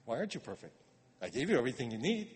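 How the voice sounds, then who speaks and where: A man preaching a sermon in a conversational way, repeating words and swinging from quiet asides to emphatic urging. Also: mid-range voice, very animated, rapid-fire. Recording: long reverb of a hall.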